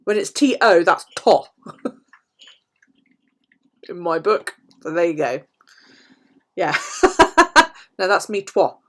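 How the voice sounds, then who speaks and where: A British woman talks casually to her viewers in a slightly low voice. She swears freely and laughs often. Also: slow pace, long pauses. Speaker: planner vlogger. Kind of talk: casual chat to live viewers.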